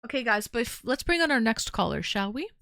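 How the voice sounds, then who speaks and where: Smooth-voiced tired woman hosting a call-in stream. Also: fairly high pitch, big pitch swings, a little fast, a bit bright, no echo, clean studio sound. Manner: chatty and playful, teasing callers. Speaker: livestream call-in show host. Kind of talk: casual chat.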